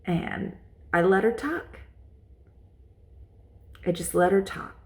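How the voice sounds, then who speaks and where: A woman's voice: mid-range voice, expressive, slow pace, darkish tone. A woman vlogger telling a personal story in a casual, rambling way, repeating herself and using lots of fillers.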